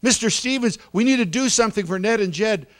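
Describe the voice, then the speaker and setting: A man doing a frantic young woman teacher, crying and pleading, high strained voice, loud outbursts. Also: animated, fairly quick. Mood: anguished.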